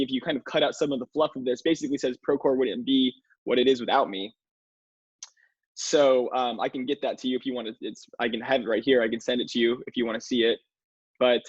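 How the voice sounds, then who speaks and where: A man co-hosting a livestream Q&A, speaking in a halting, hesitant way. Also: mid-range voice, breathy edge, no room sound, lo-fi sound. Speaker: co-host. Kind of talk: livestream Q&A chat.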